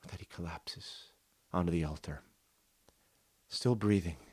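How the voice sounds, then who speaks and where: A man narrating an improvised solo tabletop role-play session in a slow, dramatic storytelling manner. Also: deep voice, darkish tone, breathy edge, dry recording. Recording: voice over background music.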